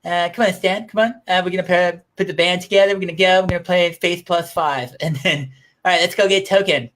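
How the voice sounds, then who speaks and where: A man's voice: sits high, steady tone, fairly quick, fairly bright tone, slight background noise. A man doing an impression of a bossy, pushy cartoon schoolboy on a casual podcast.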